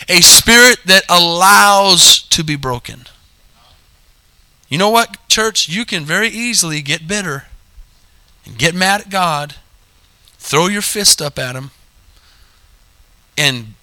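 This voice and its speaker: A man preaching with a very bright, ringing voice that sits a bit high for a man. He stretches scripture out slowly and fires short questions at the church, answering each one himself. The sound is dry and close. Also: expressive, no room sound. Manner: call-and-response preaching, drawn-out scripture reading. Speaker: pastor. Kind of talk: sermon.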